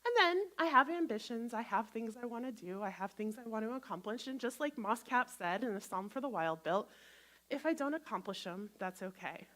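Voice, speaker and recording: A woman minister giving a gentle, conversational sermon to a congregation, acting out inner voices as she talks. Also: on the high side, expressive, a little fast. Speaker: guest minister.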